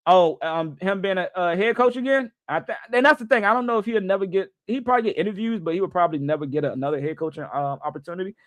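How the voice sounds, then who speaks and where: A man's voice: high voice, fast, hardly any pauses, a bit bright, dry recording. A man hosting a live sports reaction stream, chatting loosely with viewers and joking as he goes. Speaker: livestream sports host.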